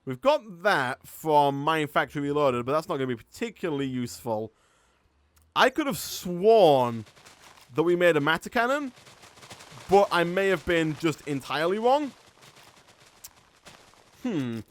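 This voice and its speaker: In a sing-song, unhurried voice pitched a little higher than most men's, a Yorkshire gaming streamer keeps up chatty live commentary, pausing often, laughing a lot and thinking aloud. It's recorded dry and close, with almost no room sound.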